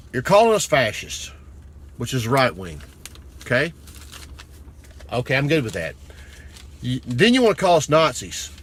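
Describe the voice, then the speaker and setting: A man giving a blunt, crude political rant to camera that builds to shouting anger. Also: medium pitch, a little hiss or hum. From United States. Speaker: vlogger.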